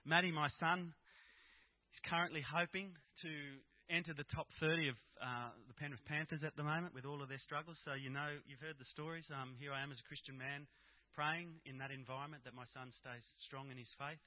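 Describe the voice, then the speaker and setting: A middle-aged Australian man speaks candidly and plainly about personal matters to a gathering of Christian fathers. His voice is a little high with a steady tone and a fairly quick pace, and the recording is dry, tinny and phone-like.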